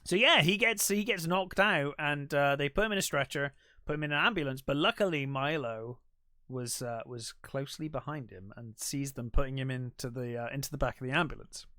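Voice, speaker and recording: A man's voice: mid-range voice, brisk, sharp tone, no echo, clean studio sound. A man co-hosting a podcast, casually retelling a film's plot in a rambling way, full of fillers and restarts. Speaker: podcast co-host. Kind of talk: casual film recap chat.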